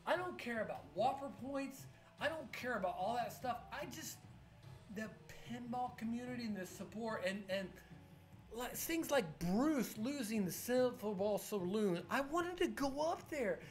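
A woman streamer, drunk and close to tears, talks in a halting, rambling, profane way with many restarts. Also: fairly high pitch, animated. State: tearful. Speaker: pinball streamer. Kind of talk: emotional live-stream monologue. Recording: echoey room with faint music. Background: faint music.

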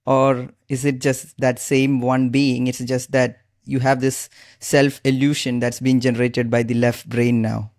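A man's voice: mid-range voice, level tone, measured pace, a little mellow, no echo, studio quality. A man hosting an interview, asking probing follow-up questions. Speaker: podcast host.

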